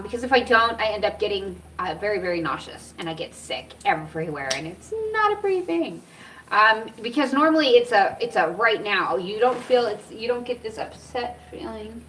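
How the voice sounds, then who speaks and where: A middle-aged woman talks casually to her viewers, rambling through stories and laughing often. Her voice is mid-pitched for a woman. She sits a little back from the mic, with faint noise in the room. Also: pushed and bright, far from the mic, low-quality recording. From United States. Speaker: cannabis vlogger. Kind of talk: casual chat to camera.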